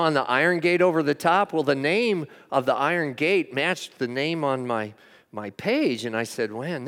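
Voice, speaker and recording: An older man giving a sermon as a chaplain, telling stories earnestly and moving between hushed and emphatic delivery. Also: medium pitch, long reverb tail. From United States. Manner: earnest storytelling preacher, swings from hushed to emphatic. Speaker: chaplain preaching.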